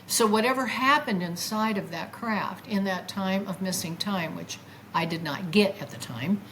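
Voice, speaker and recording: An older woman, a guest, tells her own story with feeling and acts out her past words in a lively voice. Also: medium pitch, moderate pace, slight background noise, rough recording. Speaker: guest recounting a near-death experience. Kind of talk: emotional first-person storytelling.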